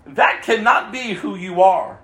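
High-pitched guy preaching his testimony, all fired up, then drops real low and quiet, echoey room. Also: unhurried. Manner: fervent, swings from loud exclamations to low hushed tones. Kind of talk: impassioned testimony sermon.

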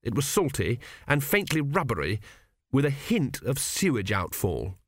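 A man reading a comic fantasy novel aloud as an audiobook, with measured storytelling and light voices for the characters. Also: medium pitch, wildly swooping pitch, dry recording, studio quality. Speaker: audiobook narrator. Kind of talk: scripted audiobook narration.

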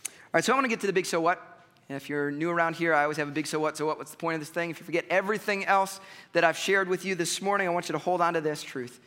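A man with a high, bright voice delivers a sermon from the pulpit. He speaks conversationally and with emphasis, pressing points straight to the congregation. His voice rings out with the long reverb of a church hall. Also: racing. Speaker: pastor. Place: church sanctuary.

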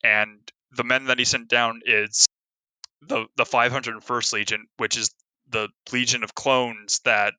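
A man's voice: medium pitch, pushed and bright, no room sound, low-quality recording. A man co-hosting a podcast in casual chat, full of jokey asides and laughing at his own gags. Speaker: podcast co-host.

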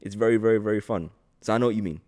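A man's voice: fairly low pitch, racing, darkish tone. A man hosting a podcast interview, friendly and rambling, laughing often. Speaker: podcast host.

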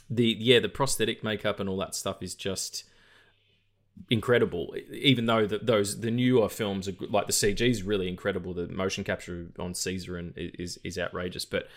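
A man's voice: fairly low pitch, fairly even intonation, moderate pace, a bit bright. A man co-hosting a film podcast, chatting casually and rambling about movies with many restarts and some swearing. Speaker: podcast co-host.

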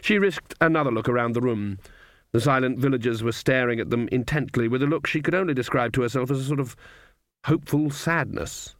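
A man narrating a comic fantasy audiobook in a dry, measured storytelling manner. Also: medium pitch, no echo. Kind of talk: scripted narration.

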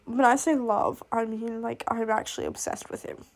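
A woman's voice: a little high, fairly even intonation, normal speed, creaky. A woman chatting casually about books she loves and hates. She rambles and gushes, swears freely, and breaks into laughs and sighs. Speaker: booktuber reviewing fictional love interests. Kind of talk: casual chat.

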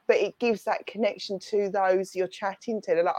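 A woman's voice: mid-range voice, steady tone, normal speed, darkish tone, no room sound. A woman with a London Essex accent, a guest medium chatting casually and explaining slang with laughter. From England. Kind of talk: casual chat on a livestream.

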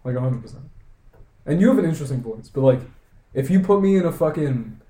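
A man's voice: medium pitch, lively intonation, fast talker, echoey room, background noise. A young man co-hosting a casual podcast chat, rambling with lots of filler words, swearing and laughing. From United States. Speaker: podcast co-host.

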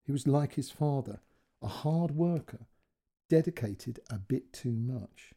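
Male storyteller, warm low timbre, breathy edge, reads fiction with feeling. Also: expressive, measured pace. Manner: gentle, emotive reading that voices each character. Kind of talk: scripted narration.

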